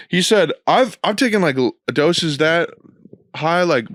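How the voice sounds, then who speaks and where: A man's voice: fairly high pitch, animated, a little slow, a bit bright, no room sound, studio quality. Rambling, profane young man hosting a podcast. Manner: rambling, profane storytelling with fillers. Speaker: podcast host. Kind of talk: casual chat.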